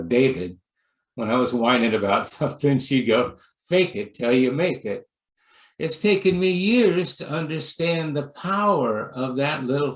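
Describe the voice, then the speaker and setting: A man pastor delivers a sermon talk at an unhurried pace, gentle and story-driven, slipping into lively acted voices for quotes. His mid-range voice carries through an echoey room. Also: mid-range voice.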